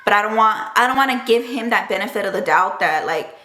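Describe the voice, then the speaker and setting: A young woman vlogger tells a personal story to the camera in a chatty, emotional way, peppering it with "like" and "dude." Her medium-pitched voice is expressive, quick, pushed and bright, and the recording has a roomy echo.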